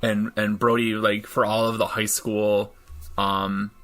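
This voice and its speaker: A man's voice: on the low side, flat delivery, slow, a bit bright, faint music behind. A man narrating a tabletop role-playing game as dungeon master in a loose, hesitant way. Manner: casual, hesitant with many fillers.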